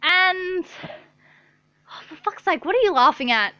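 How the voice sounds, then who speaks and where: High, bright-voiced young woman telling a story. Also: expressive, unhurried, dry recording. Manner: chatty, exasperated, swears freely. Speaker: vlogger. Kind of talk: casual storytime vlog. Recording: slightly dull lo-fi sound.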